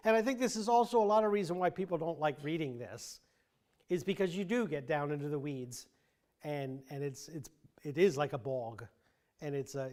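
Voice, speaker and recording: A man's voice: on the high side, darkish tone. A man teaching a Bible class in a conversational way, thinking aloud with many restarts and dry asides. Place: church classroom.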